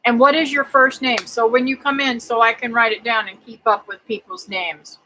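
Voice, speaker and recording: A woman's voice: fairly high pitch, steady tone, moderate pace, pushed and bright, a little hiss or hum, low-quality recording. A woman hosting a casual homestead livestream, chatting and greeting viewers by name with lots of ums and uhs. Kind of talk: casual livestream chat reading viewer comments.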